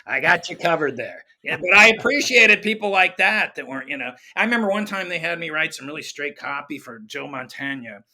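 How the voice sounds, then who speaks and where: A middle-aged man telling showbiz stories in a relaxed chat, acting out the voices of the people he quotes with animated shifts. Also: fairly high pitch, fairly quick, hardly any pauses. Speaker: guest comedy writer. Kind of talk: conversational storytelling.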